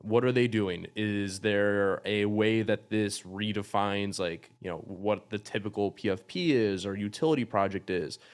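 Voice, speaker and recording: Smooth low-voiced reflective man. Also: unhurried, hardly any pauses. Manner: reflective, relaxed, lots of um and like. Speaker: panelist. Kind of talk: virtual panel discussion.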